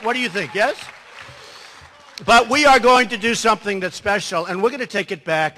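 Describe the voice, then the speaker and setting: A man delivers a rambling campaign speech with a high, lively pitch. His tone is bright and he turns to the crowd with asides. His voice rings out through a large hall with long reverb. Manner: rambling, boastful, conversational asides to the audience. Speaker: political candidate.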